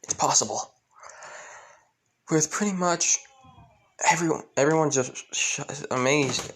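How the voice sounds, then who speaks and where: A man's voice: a little high, unhurried, fairly bright tone. A man casually improvising a fan fiction story aloud, rambling along with lots of fillers, restarts and repeated stock phrases.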